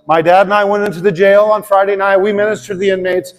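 A man's voice: high-pitched, flat delivery, fast talker. A male pastor giving an earnest, heartfelt sermon built around a personal story and ending in prayer. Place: church sanctuary. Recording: long hall reverb, faint music.

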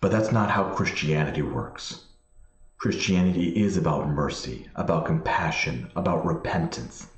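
A man, a priest, slowly reading scripture and then explaining it in plain spoken asides. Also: sits low, muffled recording, slight background noise. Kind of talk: Bible study commentary. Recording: echoey room sound.

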